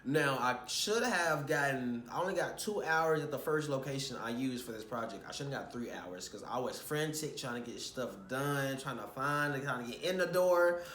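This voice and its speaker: A man's voice: mid-range voice, normal speed, few pauses, reverberant, slight background noise. A young man telling a casual vlog story about a stressful shoot, rambling and swearing as he recounts his frustrations. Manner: rambling, animated, swears when retelling frustrations.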